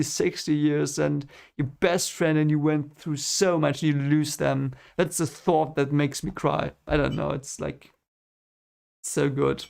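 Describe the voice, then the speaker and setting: A man's voice: fairly high pitch, gravelly, darkish tone. A man chatting casually on a stream as he reads webcomics, rambling enthusiastically with lots of fillers and repeated words. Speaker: streamer reading webcomics aloud.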